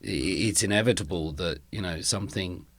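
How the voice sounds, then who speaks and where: Low-voiced man hosting a podcast. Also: brisk. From United Kingdom. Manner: thoughtful, musing. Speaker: podcast host. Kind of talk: conversational interview.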